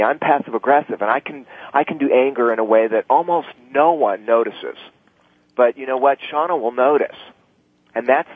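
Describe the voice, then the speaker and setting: A man with a slightly husky, mid-pitched voice talks through relationship problems in an earnest, teaching way. He comes through a narrow, phone-like line with no room sound. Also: dry recording. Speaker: couples therapist. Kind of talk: radio talk.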